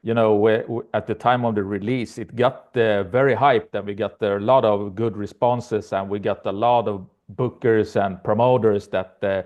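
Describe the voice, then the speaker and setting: A man, a band's guitarist and lead singer, answering interview questions in English with many pauses. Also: on the low side, steady tone, phone-quality sound. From Sweden.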